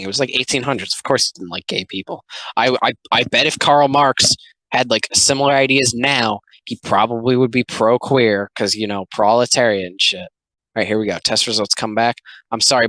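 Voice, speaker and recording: A man giving sarcastic, swearing comedic commentary, jumping between deadpan muttering and loud outbursts. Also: mid-range voice, no room sound, poor audio.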